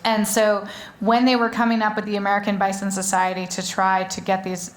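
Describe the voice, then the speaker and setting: A woman's voice: mid-range voice, level tone, a little fast. A woman author talking on stage before an audience, rambling in a chatty way with many fillers and restarts. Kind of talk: live stage conversation.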